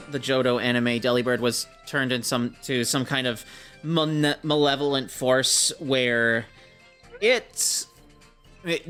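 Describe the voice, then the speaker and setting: A slightly hoarse young man from Minnesota, casually commenting on a game he plays and reading its dialogue aloud in playful voices. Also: mid-range voice, fairly bright tone. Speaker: let's-play host.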